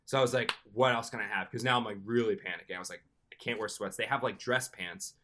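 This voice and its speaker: A young man casually telling a long, animated story as a podcast co-host, often slipping into excited quoted self-talk. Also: on the low side, fast talker, noisy background.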